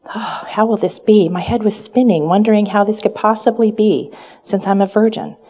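A woman's voice: mid-range voice, normal speed, mellow, husky. A woman performing a first-person dramatic monologue, earnest and full of reverent wonder. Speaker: storyteller in character.

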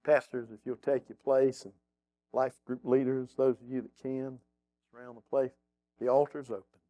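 A man leading a congregation as pastor, praying fervently with repeated phrases and a voice that sinks low. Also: level tone, normal speed, dark tone, dull audio. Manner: fervent, repetitive, drops to a near whisper in prayer. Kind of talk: sermon and spoken prayer.

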